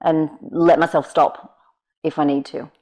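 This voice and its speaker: A woman's voice: low voice, flat delivery, measured pace, a little mellow. A woman in her thirties, a podcast guest, chatting casually and often giving short agreements. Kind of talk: casual chat.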